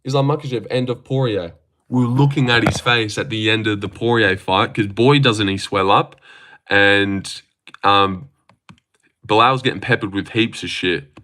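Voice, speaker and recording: An excitable Australian man rambles on his live stream, swearing freely and answering his chat aloud. His voice sits a little low but sounds bright and forceful.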